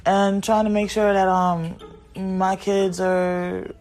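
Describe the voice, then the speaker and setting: A woman's voice: mid-range voice, flat delivery, takes it slowly, darkish tone. Rambling, blunt woman podcaster at home. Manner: rambling, blunt, easily sidetracked. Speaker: podcast host and mother. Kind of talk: casual chat to viewers.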